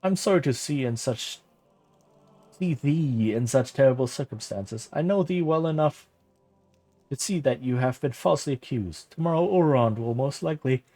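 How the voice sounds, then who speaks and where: A man voicing a kindly old monk who protects a young ward, reading the old-fashioned dialogue aloud softly. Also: mid-range voice, lively intonation, moderate pace, soft background music. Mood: gentle.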